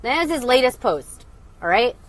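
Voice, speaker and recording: A woman's voice: on the high side, big pitch swings, normal speed, a bit bright, dry recording. Angry, sarcastic woman ranting on a phone live. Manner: sarcastic, blunt, swearing. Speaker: livestream host. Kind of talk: angry livestream rant.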